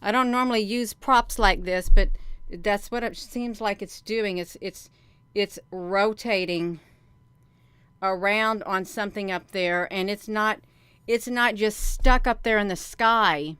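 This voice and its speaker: A woman hosting a casual vlog who talks excitedly to her viewers, repeats herself and sounds out of breath. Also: mid-range voice, unhurried, clear, resonant tone, no room sound. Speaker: video channel host.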